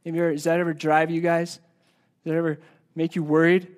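A man from the United States preaching a sermon to his church, earnest, moving between loud emphasis and hushed, slow passages. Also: fairly high pitch, level tone. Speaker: pastor. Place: church sanctuary.

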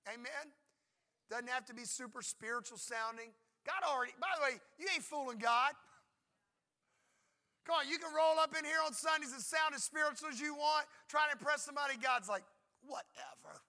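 Preaching from the pulpit, this middle-aged man has a ringing, very bright voice pitched far higher than most men's. His sermon moves at a fairly quick clip, relaxed and chatty with the congregation, yet emphatic on the main points, with short performed voices for prayer and for God answering.

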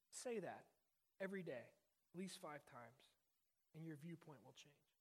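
A man's voice: fairly high pitch, expressive, measured pace, pauses often, husky. A man in his thirties, a pastor delivering a sermon in a conversational style, repeating key lines for emphasis. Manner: conversational preaching with emphatic repetition.

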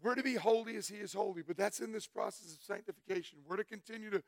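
A middle-aged man giving a folksy, animated testimony sermon, telling stories and breaking into shouts. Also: sits high, quick pace, gravelly, no echo. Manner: folksy, storytelling, bursts into shouts.

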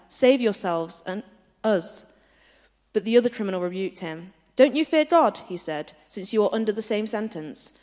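A woman reading a scripture passage aloud, steady and careful. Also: fairly low pitch. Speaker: scripture reader. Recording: reverberant hall.

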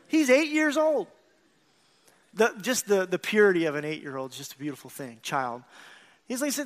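A man with a strikingly high voice preaches a sermon to his church. He is earnest and personal, swelling into emphatic bursts and then dropping low and confiding, and he calls out to the congregation for agreement. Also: big pitch swings, moderate pace, pauses often. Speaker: pastor.

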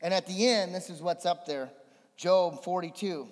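Animated pastor preaching in a reverberant hall. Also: male voice, sits high, moderate pace. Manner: animated preaching that drops to hushed storytelling. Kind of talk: sermon.

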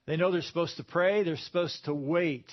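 A man's voice: fairly high pitch, moderate pace, muffled recording. A man preaching a sermon in a conversational way, with emphatic bursts when he quotes scripture.

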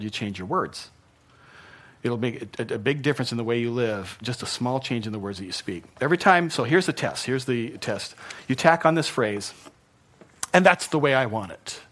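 A male pastor in the middle of a sermon, speaking in an ordinary mid-range voice. He is earnest and drives points home by repeating phrases. His volume swings from quiet and soft to loud. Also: medium pitch. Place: church hall.

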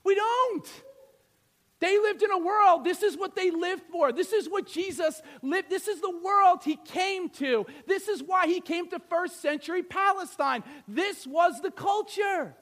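A man in his thirties preaches with lively energy, firing rhetorical questions at his congregation. His voice sits very high for a man. He slips into short acted-out scenes while keeping a sermon's rhythm. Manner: animated, rhetorical questions, acts out biblical figures.

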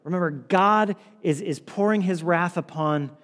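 A man preaching a sermon as pastor, earnest and repetitive, sometimes dropping his voice low and quiet for emphasis. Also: unhurried. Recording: long hall reverb.

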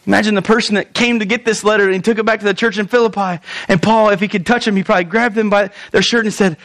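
A male pastor with a high voice preaches with lively humor. He breaks into dramatic, drawn-out pleading when he acts out quotes, then snaps back to quick asides to the congregation. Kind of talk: sermon.

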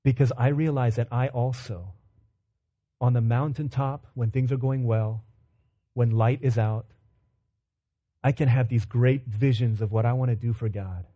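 A man in his thirties preaching a sermon, telling a family story with animated, humorous retellings. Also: mid-range voice, a little slow, long pauses. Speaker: pastor.

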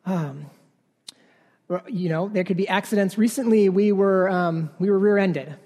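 With a high but darkish voice and a measured pace, a man in his thirties delivers a sermon as a pastor. His tone is conversational, punctuated again and again by "right?", and a large hall's long reverb surrounds the sound.

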